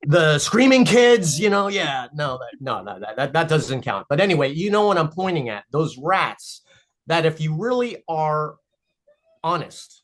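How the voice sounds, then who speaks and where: Animated storyteller, mid-pitched voice. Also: moderate pace. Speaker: guest, cartoon creator. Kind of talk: casual podcast conversation.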